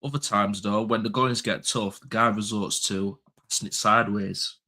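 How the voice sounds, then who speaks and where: A man's voice: lowish voice, steady tone, moderate pace, pushed and bright. A young man, talking football as a pundit in a heated casual chat. He is passionate and blunt, swears freely and repeats his points for emphasis.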